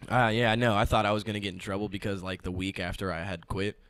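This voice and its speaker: A man's voice: fairly low pitch, flat delivery, quick pace, a bit bright, clear, resonant tone. A young man co-hosting a casual chat, telling stories with lots of laughter and swearing. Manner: laid-back, laughs often, swears, acts out others. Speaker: podcast co-host.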